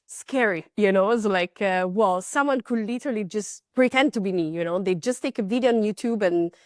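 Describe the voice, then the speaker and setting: A woman's voice: mid-range voice, fairly quick, a little mellow, no room sound, clean studio sound. Chatty woman host, lots of "you know". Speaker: podcast host. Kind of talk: conversational interview.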